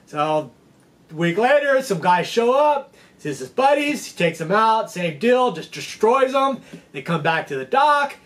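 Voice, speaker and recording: A man's voice: sits high, very animated, measured pace, a bit bright. A man hosting a fishing channel, telling history as a casual, rambling lesson and checking in with his listeners. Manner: chatty, rambling, checks in with "okay?". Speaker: fishing guide and channel host.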